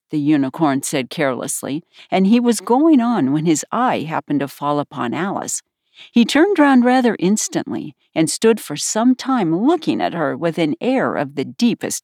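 A woman with a lowish voice reads a storybook in a lively, varied way. The sound is dry and close. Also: normal speed, no echo. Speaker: volunteer reader. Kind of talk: storybook reading.

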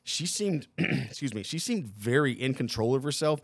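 A man hosting a podcast, telling stories in casual chat, animated and swearing freely. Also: medium pitch, moderate pace, gravelly, slightly rough, no echo. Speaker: podcast host.

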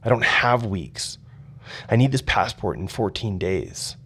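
A man's voice: on the low side, animated, a little slow, fairly bright tone, breathy edge, exaggerated voice. A man playing a weary friend fed up with waiting. His voice is ordinary and conversational, and a little deflated. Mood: exasperated. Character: weary male friend recounting bureaucracy.

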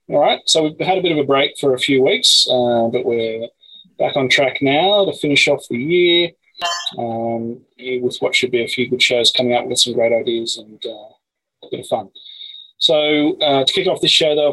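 A man hosting a music podcast episode, chatting in a relaxed way with some fillers. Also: medium pitch, gravelly, breathy edge, rough recording. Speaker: podcast host. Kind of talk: casual music chat.

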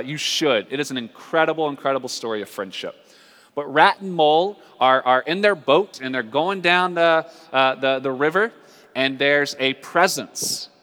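A man preaching a sermon as a pastor, earnest and conversational, with drawn-out dramatic pauses. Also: mid-range voice, bright, forceful tone. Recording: long hall reverb.

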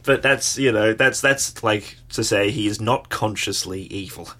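A man's voice: fairly low pitch, a little slow, bright, forceful tone. An Australian man co-hosting a casual political chat, wry and digressive, with casual swearing.

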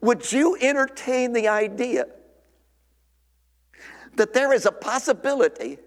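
An animated pastor preaches, his unusually high voice swinging widely and climbing into shouts for emphasis. Long reverb from the church hall hangs on his words. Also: unhurried. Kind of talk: sermon.

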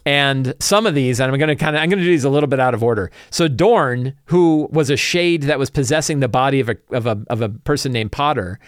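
A man's voice: medium pitch, fast, few pauses, clear, resonant tone, dry recording. Rambling male game master, dry sound. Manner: rambling storyteller, many fillers and restarts. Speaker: game master and show host. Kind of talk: casual campaign recap.

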